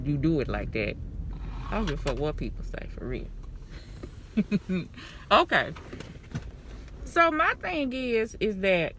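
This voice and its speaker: Lively, laughing woman vlogger. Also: mid-range voice, slight background noise. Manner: animated, laughing, swearing freely, repeats herself; talks while putting on lashes and makeup. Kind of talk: casual commentary vlog. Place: alone at home.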